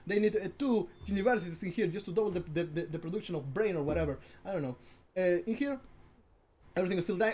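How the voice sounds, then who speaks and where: Male game caster, high voice, casual commentary, giggly and prone to stammered restarts. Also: fast talker, darkish tone, husky.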